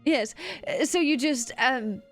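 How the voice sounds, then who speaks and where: A woman streamer giving a casual, rambling voice acting lesson to her chat, often dropping her voice low to demonstrate. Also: expressive, brisk, faint music behind.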